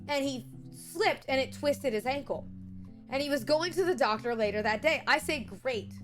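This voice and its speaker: Young female streamer, high-pitched, lively incredulous chatter with viewers, soft music underneath. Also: moderate pace. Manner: animated storytelling, incredulous rants. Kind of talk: casual chat with viewers.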